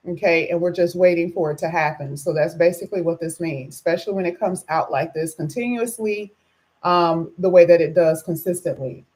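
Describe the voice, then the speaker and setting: A woman runs a live tarot reading, her voice still low from having just woken up. She is chatty and greets her viewers one by one as she lays out the cards. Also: darkish tone. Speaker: tarot reader.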